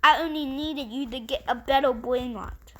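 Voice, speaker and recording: A smug, lying boy gamer, as a woman puts him on mocks his tricked friend in a bright, slightly raised voice. The gloating tone is loud and pleased with itself. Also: sits high, normal speed. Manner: mocking, gloating.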